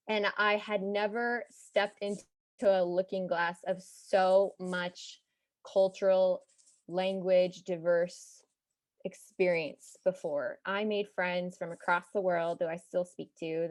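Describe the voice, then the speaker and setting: A young woman from Texas with no regional accent, telling a personal story to an audience in a chatty, animated way with side remarks. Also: medium pitch, no room sound. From Texas, United States.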